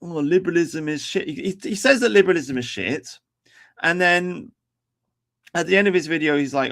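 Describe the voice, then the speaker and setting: Gravelly man rambling on stream. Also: a little high, lively intonation, moderate pace, a bit bright. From England. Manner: rambling, profane, frequent restarts. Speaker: livestream host. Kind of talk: casual livestream commentary.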